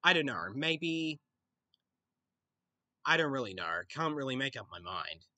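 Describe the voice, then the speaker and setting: A man's voice: mid-range voice, big pitch swings, a little slow, bright, forceful tone, dry recording. A young Australian man answering viewer questions in a casual Q&A video, often noncommittal and hesitant. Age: young adult. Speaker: YouTuber.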